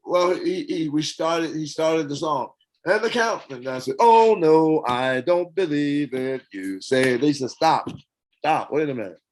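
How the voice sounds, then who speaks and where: An older man in a casual interview, telling stories with lively acted-out quotes and hummed parts. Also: on the high side, unhurried, poor audio. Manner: animated storyteller, acts out quotes and hums parts. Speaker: interview guest, former band singer.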